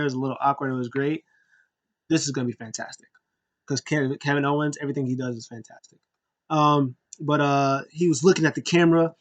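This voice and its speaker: A man giving a casual, excitable recap of a wrestling show, acting out scenes in raised voices. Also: medium pitch.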